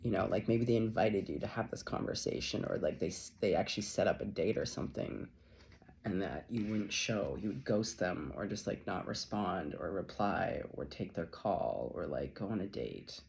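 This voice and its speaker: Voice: low-pitched, lively intonation, moderate pace, creaky, darkish tone. A tarot reader giving a casual channeled reading, effusive and loose, swearing freely and laughing often.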